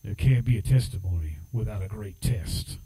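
Man, assistant pastor, sermon, conversational preacher, mellow voice. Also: fairly low pitch, lively intonation, moderate pace, husky, rough recording. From United States. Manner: conversational storytelling preacher, rising into fervent exhortation.

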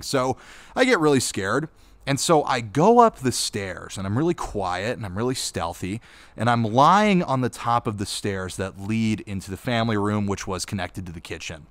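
Young man with a dry, lower voice. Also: no echo. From Utah. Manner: chatty storytelling with laughs, animated when retelling. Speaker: YouTube channel host. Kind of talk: casual Q&A monologue.

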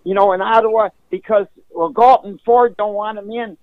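A man from Canada phones in to a talk show and speaks bluntly, in a conspiratorial tone, calling the host buddy. His voice sits high. The call comes through a thin, dry phone line. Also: steady tone, normal speed, no room sound. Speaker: caller.

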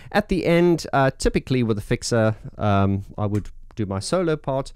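A man who sounds like he just woke up talks through his keyboard setup in a casual demo, enthusiastic and rambling with lots of fillers. His mid-range voice has a darkish tone, lively intonation and a normal pace, with slight background noise behind it.

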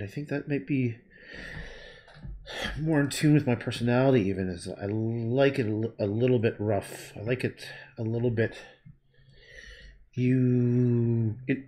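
A man's voice: mid-range voice, warm tone. A man painting on a livestream, thinking aloud in a rambling way, humming and murmuring to himself between sentences.

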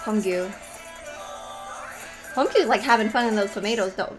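A young woman reacting to a video in casual, animated commentary, often exclaiming and laughing. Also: mid-range voice, moderate pace. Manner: animated, exclaiming and laughing at what she watches. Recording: music playing behind her voice. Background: faint music.

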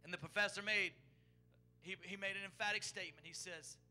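A male pastor preaching a sermon in a church, impassioned, repeating words as he builds to shouted peaks. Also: high-pitched, steady tone, fairly quick, soft background music. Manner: impassioned preaching, rising to shouts on key phrases; repeats words and restarts while building emphasis. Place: church sanctuary.

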